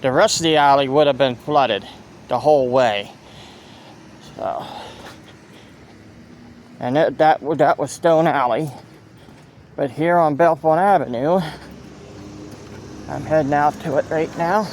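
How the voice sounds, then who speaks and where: Speaking a little slowly with frequent pauses, a man with a somewhat high voice and a Central Pennsylvania accent narrates into a handheld phone as he walks a town street. He's a local walking-tour vlogger who rambles, restarts, and points things out, while traffic and faint street noise carry on around him.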